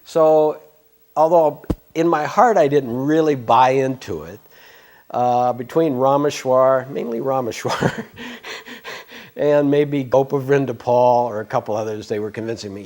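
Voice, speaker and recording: In an interview, a man in his sixties reminisces at length about his past, wandering off track, interrupting himself, and adding frank asides. His voice is medium-pitched and darkish, with a measured pace.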